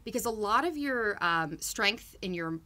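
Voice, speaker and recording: A woman's voice: medium pitch, expressive, unhurried, sharp tone. A young adult woman puppeteer talking casually in an interview, explaining things step by step and laughing often. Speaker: puppeteer guest.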